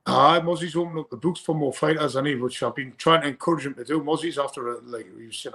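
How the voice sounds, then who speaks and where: Rambling fighter. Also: male voice, fairly high pitch, fast talker, hardly any pauses, pushed and bright. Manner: rambling, repeats words when starting sentences. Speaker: bare-knuckle fighter guest. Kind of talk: casual interview chat.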